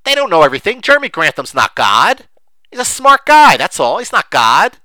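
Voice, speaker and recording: Animated, bright-voiced middle-aged man. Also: fairly high pitch, moderate pace, no echo. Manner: animated, emphatic, rambling with many fillers. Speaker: investing commentator. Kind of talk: unscripted monologue.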